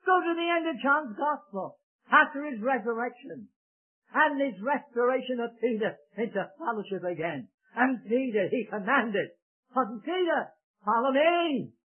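A preacher delivering a fervent sermon, rising to shouts and correcting himself as he goes. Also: very high voice. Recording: tinny phone-like recording.

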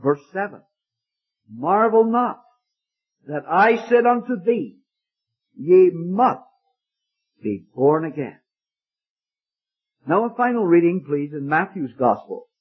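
A man's voice: high-pitched, very animated, slow pace, pauses often, slightly rough. A man preaching an emotional sermon, repeating his points and calling the listener "friend". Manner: emphatic, repeating phrases, addresses listener as friend. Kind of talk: evangelistic sermon. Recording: dull lo-fi sermon recording.

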